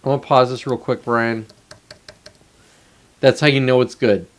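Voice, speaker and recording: A man's voice: mid-range voice, steady tone, moderate pace. A man hosting his own show, ranting casually in a profane, sarcastic and annoyed way, with muttered asides. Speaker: host.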